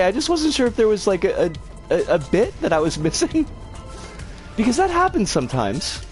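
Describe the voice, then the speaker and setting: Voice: mid-range voice, wildly swooping pitch, normal speed, soft background music. A streamer chatting casually with viewers while playing a game, giggling often and swearing when the game goes wrong. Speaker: livestreamer reading chat.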